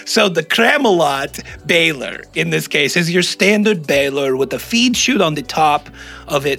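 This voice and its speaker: A man hosting a podcast, telling a story in an animated, joking way. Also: on the high side, creaky, husky. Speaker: podcast host. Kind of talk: casual storytelling chat. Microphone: close studio mic.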